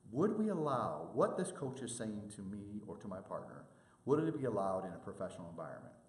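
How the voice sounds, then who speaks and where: A man's voice: on the low side, a little fast, roomy sound. A man giving a presentation to sports officials, telling stories and acting out the people he quotes. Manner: animated storytelling, acts out quoted people.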